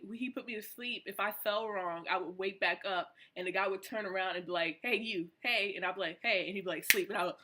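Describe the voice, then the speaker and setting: A young woman, a college student, excitedly telling a casual storytime vlog in slangy, animated speech. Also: mid-range voice. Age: young adult. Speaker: vlogger.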